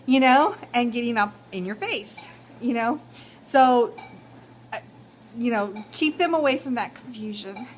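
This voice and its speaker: A young Texan woman with a slightly high voice chats casually to the camera, full of ums and you-knows as she gives advice. Faint background noise sits under her voice. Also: unhurried, pauses often, low-quality recording. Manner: chatty, many fillers like um and you know. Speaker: vlogger.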